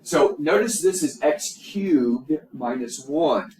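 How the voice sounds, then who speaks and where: A man's voice: fairly high pitch, expressive, slow, mellow. A middle-aged man teaching an algebra lesson, emphatic and repetitive, with many fillers and restarts. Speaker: math teacher. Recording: echoey room, distant mic, faint hum.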